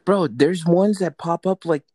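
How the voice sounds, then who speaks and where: A man with a fairly high, slightly mellow voice speaks at a measured pace, with no room sound, as a guest on a podcast. He's laid-back and rambling, swearing and saying "like" and "bro" constantly.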